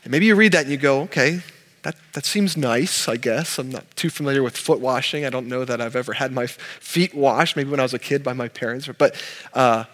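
A man preaching a sermon in earnest, animated delivery, often repeating and restarting words. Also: mid-range voice, fast talker, in a large hall. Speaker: pastor. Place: church.

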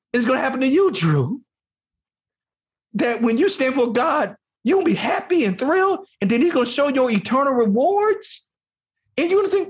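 Man, guest testimony: husky voice, fervent preacher-like delivery, pitch swinging widely. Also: animated, moderate pace. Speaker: podcast guest. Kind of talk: emotional personal testimony.

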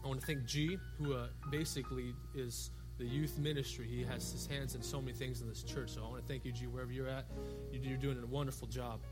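A man's voice: mid-range voice, flat delivery, fast talker, music in the background. A man who is a youth and young adult pastor, preaching a sermon in a church in a loose, conversational storytelling way with frequent filler words.

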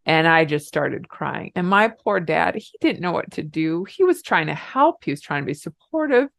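Middle-aged woman podcast host, low and gravelly, personal storytelling, dry close sound. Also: normal speed, no room sound. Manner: emotional, animated retelling with laughs.

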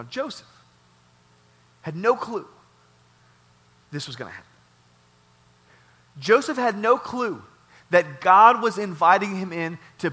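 Bright, dynamic preaching man. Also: high voice. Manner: dynamic preaching, repeats phrases, swings loud to soft. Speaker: pastor. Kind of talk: sermon. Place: warehouse church.

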